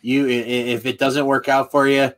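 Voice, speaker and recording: A man's voice: mid-range voice, flat delivery, normal speed. A man co-hosting a casual wrestling podcast, talking hesitantly with frequent stammers and restarts. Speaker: podcast co-host.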